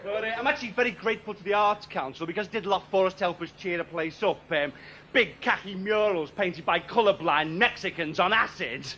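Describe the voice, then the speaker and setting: A man's voice: high voice, fairly quick, noisy background. A man doing a sardonic stand-up routine, ranting in a comic way. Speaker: stand-up comedian.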